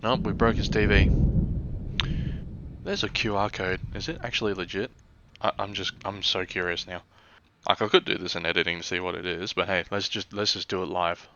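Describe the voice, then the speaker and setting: A man casually commenting while playing a game, relaxed and chatty. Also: deep voice, a little fast. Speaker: let's play host. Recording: dull mic with faint noise.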